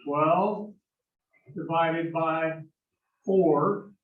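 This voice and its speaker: A man teaching an algebra class, explaining slowly and answering his own questions as he goes. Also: on the high side, reverberant, recorded from a distance, phone-quality sound. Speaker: math instructor. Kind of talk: recorded classroom lecture.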